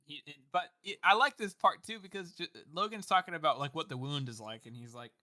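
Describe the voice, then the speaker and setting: Guy cohosting a book podcast, super bright voice a bit on the high side, rambles with tons of "you know"s, dry sound. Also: brisk, dry recording. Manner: rambling with many fillers, swears, laughs often. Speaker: podcast co-host. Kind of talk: casual book discussion chat.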